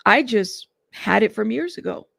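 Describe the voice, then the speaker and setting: A woman's voice: a little high, expressive, normal speed, gravelly, a bit bright, no echo, heavily acted. A woman reading out a male celebrity witness's testimony in court, giving short, plain answers.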